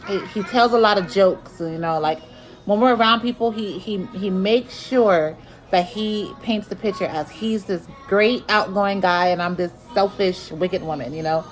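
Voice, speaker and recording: A woman's voice: medium pitch, measured pace, soft background music, rough recording. A woman telling a personal story in a vlog, earnest and repetitive, with many restarts. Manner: earnest, repeats herself, many restarts and fillers.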